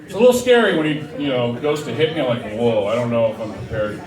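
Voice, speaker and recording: A middle-aged man doing a stand-up set in a small dive bar, talking in a rambling, self-deprecating way with halting restarts. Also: mid-range voice, far from the mic. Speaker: stand-up comedian. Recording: roomy bar sound from off-mic with audience. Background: crowd laughter.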